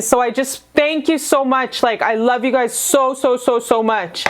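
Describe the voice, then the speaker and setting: A woman's voice: high-pitched, fairly even intonation, normal speed, hardly any pauses. A woman giving a casual tarot reading to camera, gushing and affectionate, full of profanity and slang. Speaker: tarot reader.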